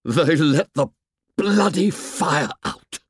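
A man voicing a frantic shouting boy, Ralph. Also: animated, slow, husky, no room sound, clean studio sound, full character voice. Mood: bitter. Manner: strained high-pitched shouting. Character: desperate young boy shouting, frantic and raw.

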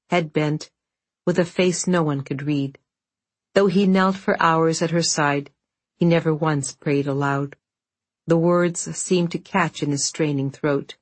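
Low husky woman reading a story. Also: no room sound. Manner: measured, steady storytelling. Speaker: narrator. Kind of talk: audiobook narration.

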